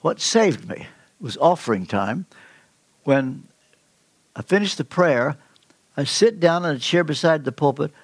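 Gravelly-voiced older man preaching a sermon. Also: lively intonation, unhurried, pauses often, no echo. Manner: storytelling, emphatic with sudden pitch leaps.

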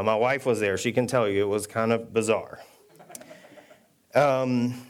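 A man preaching a sermon, telling stories with self-deprecating humor and reading scripture aloud at a quick clip. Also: mid-range voice. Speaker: pastor. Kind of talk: conversational sermon.

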